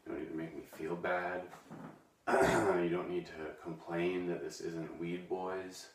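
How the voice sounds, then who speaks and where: Brief: male actor as a deadpan, awkward poet-host who talks slowly and sounds distant from the mic. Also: low voice. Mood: awkward rambling. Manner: hesitant, full of ums and restarts. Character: awkward, touchy man reading a bitter poem. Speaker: comedy sketch character, hosts a web video. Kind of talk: deadpan comedic poem reading and rambling monologue. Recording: echoey room, voice from a distance.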